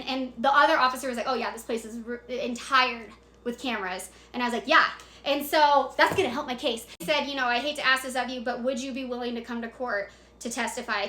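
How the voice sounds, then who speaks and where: A young woman telling a dramatic story in a casual, excitable way, swearing freely and acting out the moments. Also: fairly high pitch. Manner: excitable, profane, dramatic retelling. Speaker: storyteller vlogger. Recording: echoey room.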